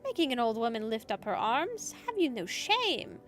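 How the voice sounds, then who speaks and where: A woman's voice: fairly high pitch, big pitch swings, normal speed, fairly bright tone. A woman voicing a creepy old grandmother who calls everyone dearie in a folksy, cryptic way, while reading game dialogue. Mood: teasing. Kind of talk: dramatic game voice acting.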